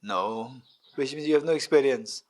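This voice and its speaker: A man's voice: mid-range voice, normal speed. A middle-aged man, a Buddhist teacher giving a dharma talk to a retreat group, repeating his points and asking the audience questions. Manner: repetitive, questioning the audience, animated with gestures. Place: meditation centre hall.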